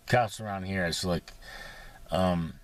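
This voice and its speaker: A man's voice: low-pitched, slow. A man rambling in a casual monologue from inside his parked vehicle, profane and sarcastic, with many fillers. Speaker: vlogger.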